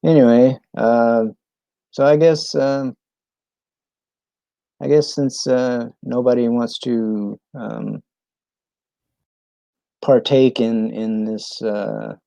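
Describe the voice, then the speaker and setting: A man from New England chatting casually on a live stream, halting and full of ums and restarts. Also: mid-range voice, fairly even intonation, creaky, dark tone, dry recording.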